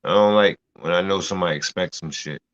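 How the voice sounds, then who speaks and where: A man's voice: low voice, quick pace, fairly bright tone. A man co-hosting a podcast in casual chat, mostly chiming in with short agreeing remarks. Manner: brief agreeing interjections. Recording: dull lo-fi sound.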